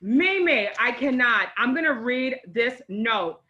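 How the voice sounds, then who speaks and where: A woman's voice: on the high side, lively intonation, takes it slowly, sharp tone, highs cut off. A woman hosting a live online show, effusive and exclaiming, close to tears as she unboxes gifts and introduces her guest. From Haitian parents. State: on the verge of tears. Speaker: host.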